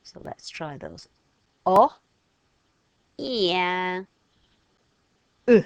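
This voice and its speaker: A woman leads a gentle phonics lesson for young learners. She speaks very slowly, with a low, gravelly voice, and draws out each sound she demonstrates. The recording is close and dry. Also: animated, no room sound, dull audio. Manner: slow, patient, modelling sounds aloud and stretching words. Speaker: French teacher. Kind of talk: step-by-step phonics lesson for children.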